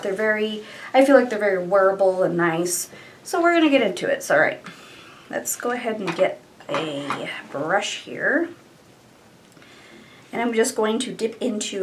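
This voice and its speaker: A woman's voice: mid-range voice, far from the mic, a little hiss or hum, low-quality recording. A young woman chatting casually through a makeup tutorial, thinking aloud and trailing off. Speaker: beauty vlogger.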